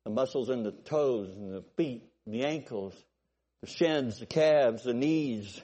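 A man preaching a sermon, telling stories and checking in with his congregation, swinging from loud bursts to low asides. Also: measured pace. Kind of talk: sermon with storytelling.

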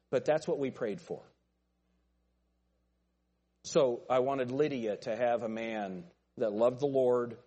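A man's voice: medium pitch, warm tone, breathy edge. A middle-aged man preaching a folksy sermon as a pastor, joking with his congregation in a church. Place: church sanctuary.

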